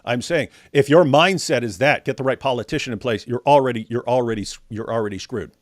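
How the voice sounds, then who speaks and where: A man's voice: medium pitch, fast, no room sound, clean studio sound. A man co-hosting a live talk stream, speaking in emphatic casual commentary and often repeating his phrases. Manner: emphatic, repeats phrases, mocking quoted voices.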